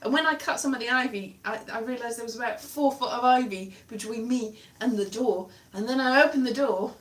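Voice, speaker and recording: A woman talks casually to her livestream viewers, wandering from one anecdote to the next. Her voice sits a little high. She sounds some distance from the mic, in a room with noticeable echo. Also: brisk. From Wales. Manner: rambling, chatty, animated storytelling. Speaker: livestream host.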